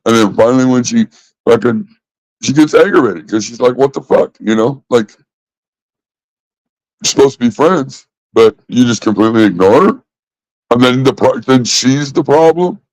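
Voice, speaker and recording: A man in a casual vlog rant, exasperated and heavy on the swearing as he circles back to the same points. His voice sits at an ordinary middle pitch. The sound is dry, with no room echo. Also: moderate pace, pauses often, a little mellow. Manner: exasperated, profane, repeats himself. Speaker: vlogger.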